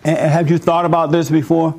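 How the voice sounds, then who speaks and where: A man's voice: on the high side, little pitch movement, fast, vocal fry, a little mellow. A man conducting a street interview, questioning people directly and probing.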